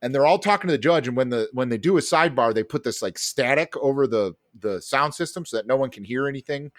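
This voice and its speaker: Lively, animated man telling a story. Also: mid-range voice, quick pace. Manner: animated storytelling, heavy fillers and swearing. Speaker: podcast co-host. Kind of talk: casual chat.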